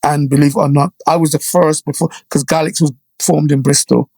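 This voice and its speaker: A middle-aged man, raised in Jamaica, talks as a guest in a relaxed interview, recalling events in a lively, animated way. His voice sits a little higher than most men's. The recording is close and dry, with no room sound. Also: brisk, gravelly, no room sound. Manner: animated storyteller, frequent "you know" and "right?" tags. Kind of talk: casual storytelling interview.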